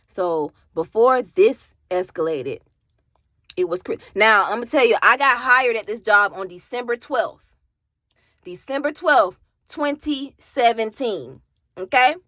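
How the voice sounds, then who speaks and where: A woman's voice: medium pitch, fairly bright tone, no room sound. A woman from Alabama, telling her own story on camera in a raw, candid way, cursing and talking straight to her viewers. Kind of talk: emotional personal storytime.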